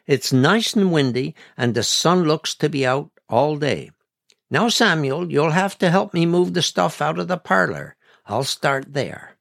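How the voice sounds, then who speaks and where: A man putting on a shrill, bossy old grandmother. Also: expressive, a little slow, gravelly, fairly bright tone, dry recording, clean studio sound, exaggerated voice. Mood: brisk, bossy. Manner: scolding, giving orders.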